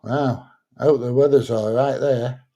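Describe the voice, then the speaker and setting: Man, middle-aged, live stream host, casual chat, chatty and laid-back, mellow warm tone. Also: mid-range voice, steady tone, unhurried. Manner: chatty, laid-back, thinks aloud with fillers. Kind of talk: casual chat reading viewer comments.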